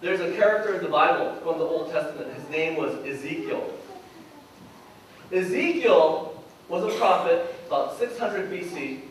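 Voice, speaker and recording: A man preaching with a fairly high voice, retelling scripture in a lively, theatrical way. He is picked up from a distance, so his words ring through a very reverberant church hall. A faint hum sits underneath. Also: normal speed. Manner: animated storyteller, acts out biblical dialogue. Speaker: pastor. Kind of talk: sermon. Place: church sanctuary. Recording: very echoey church hall from far off.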